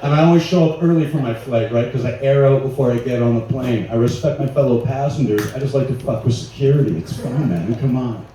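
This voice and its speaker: A man with a very dark, mellow voice works a small live room with loose, profane stand-up. He sounds a little distant from the mic, in a very echoey space with a faint hiss behind him. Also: medium pitch, fairly quick, few pauses. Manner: loose, profane, laughing through his bits. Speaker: stand-up comedian. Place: small live venue with an audience.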